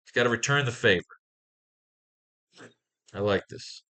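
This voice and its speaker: Measured in pace, with a mid-range voice and a sharp tone, a man teaches writing by planning comic pages and reading panels out loud. He keeps it casual and curses a lot.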